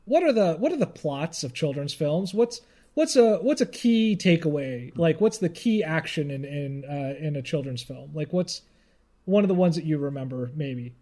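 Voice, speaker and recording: A man's voice: a little high, lively intonation, moderate pace, warm tone. A man co-hosting a casual chat, rambling, laughing often and trailing off mid-thought. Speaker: podcast co-host.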